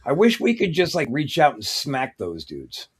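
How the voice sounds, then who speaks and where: A man's voice: a little high, huge pitch swings, normal speed, husky. Blunt, skeptical male podcast host. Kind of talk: casual chat.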